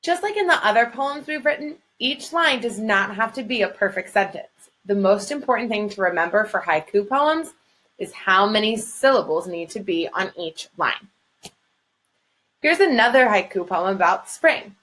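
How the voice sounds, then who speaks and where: A woman teacher speaking slowly and clearly to first graders in a recorded lesson, sounding out words syllable by syllable. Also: medium pitch, lively intonation, a bit bright.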